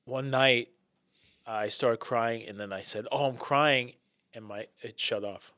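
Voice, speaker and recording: A man's voice: fairly low pitch, steady tone, measured pace, pushed and bright, dry recording, studio quality. A man who works as an actor, talking earnestly and at length as a guest on a casual podcast. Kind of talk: casual chat.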